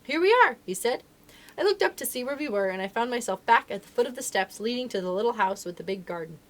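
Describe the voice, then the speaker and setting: A woman reading a children's novel aloud for a library storytime, with expressive, animated storytelling. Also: mid-range voice, fast talker.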